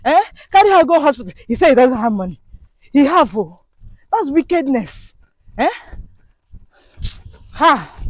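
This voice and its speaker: High-voiced indignant woman vlogging. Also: big pitch swings, measured pace, pauses often, dry recording. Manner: preachy, indignant, rhetorical questions. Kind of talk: impassioned monologue to camera.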